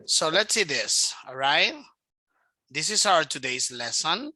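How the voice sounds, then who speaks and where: A woman teaching English to a child over a video call, speaking slowly and patiently and modelling each word's pronunciation. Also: sits low, lively intonation, bright, forceful tone, no room sound, rough recording. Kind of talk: online class with a child.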